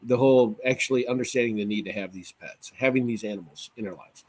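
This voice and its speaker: A man's voice: mid-range voice, fast talker, a little mellow. A man hosting a casual podcast chat, opinionated and joking, often restarting his sentences.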